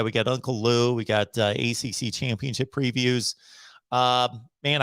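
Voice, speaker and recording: A middle-aged man hosting a live sports call-in show who talks in a casual, preachy, emphatic way, slowing down to hammer each point. His voice sits at an ordinary pitch for a man. The sound is dry and close, with no room around it. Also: fairly bright tone, no echo. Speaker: host of a college football call-in show. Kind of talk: casual livestream monologue.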